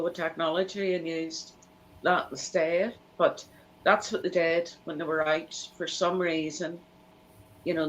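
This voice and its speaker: A woman chats casually and tells family stories. Her voice sits a little low. She slips into the voices of the people she quotes as she goes. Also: muffled recording, a little hiss or hum. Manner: animated anecdote teller, acts out quoted voices. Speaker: live chat host. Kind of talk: casual storytelling chat.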